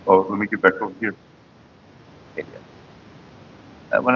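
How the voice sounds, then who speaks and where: A man's voice: on the low side, steady tone, normal speed, long pauses, narrow, tinny audio, slight background noise. A man hosting his own casual vlog, rambling and joking loosely with his viewers. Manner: loose, joking, talks to viewers and chat by name. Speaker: vlogger hosting a smoking session.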